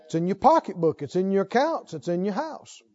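Middle-aged male preacher, high but mellow voice, emphatic sermon delivery, lo-fi recording. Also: sing-song, brisk. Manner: emphatic, asks the congregation rhetorical questions. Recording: dull lo-fi recording.

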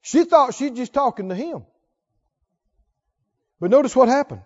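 A man preaching a sermon emphatically, swinging between loud declarations and hushed lines. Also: very high-pitched, expressive, measured pace, muffled recording. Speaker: pastor.

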